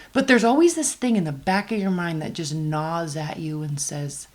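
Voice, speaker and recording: A woman giving a casual weekly tarot reading, chatty and emphatic, slowing down to stress her advice. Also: on the low side. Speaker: tarot reader.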